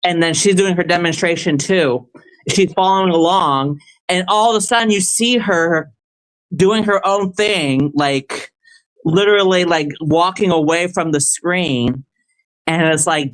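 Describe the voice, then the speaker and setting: A man with a slightly high, unhurried voice that sounds a bit bright, clear, and resonant, though the recording quality is low. He's chatting casually on a livestream, answering a question in a rambling way full of restarts and stammers. As he rants, he turns heated and confrontational.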